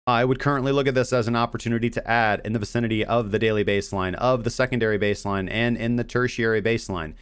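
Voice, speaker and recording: A man's voice: medium pitch, fairly even intonation, quick pace, few pauses, smooth, no echo, clean studio sound. A man hosting a crypto trading show, talking casually and bluntly about chart analysis and mocking vague analysts. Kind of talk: casual livestream trading commentary.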